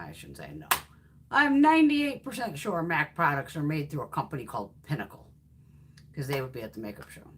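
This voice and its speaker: With a very deep voice and a slight hiss or hum on the recording, a woman in her fifties chats on her makeup livestream as she swatches products. She's a beauty YouTuber who spins stories with animated, blunt, foul-mouthed energy.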